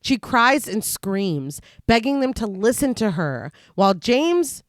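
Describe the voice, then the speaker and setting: A woman's voice: fairly high pitch, big pitch swings, slow pace, no room sound, studio quality. A woman co-hosting a podcast, reading plot recaps and chatting casually, often breaking into laughter. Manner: laughs often, reads scene summaries steadily. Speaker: podcast co-host. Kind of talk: casual film discussion with read plot recap.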